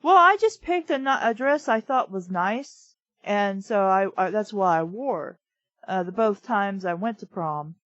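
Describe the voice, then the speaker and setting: A woman's voice: medium pitch, animated, measured pace, fairly bright tone, no echo, highs cut off. A woman co-hosting a comedy reading show, reading fanfiction aloud and riffing on it in a blunt, sarcastic way with plenty of swearing. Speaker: podcast co-host reading fanfiction.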